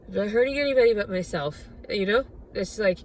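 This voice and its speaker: A woman's voice: mid-range voice, fairly quick, a little mellow, recorded from a distance, slight background noise. A woman venting in an angry, profane, bitter personal rant for her video diary. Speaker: vlogger.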